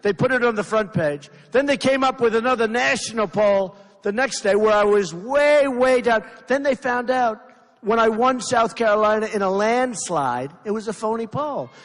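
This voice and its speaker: A man's voice: very high-pitched, moderate pace. A man giving a campaign rally speech, rambling and repetitive, with emphatic asides to the crowd. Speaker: political candidate. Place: large rally venue. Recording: long reverb of a big hall.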